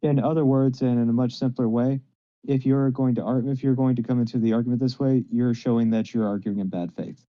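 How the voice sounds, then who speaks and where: A man's voice: medium pitch, fairly even intonation, a little fast. A man in a heated online debate, lecturing and scolding another speaker. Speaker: debate participant on voice chat. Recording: dull lo-fi microphone.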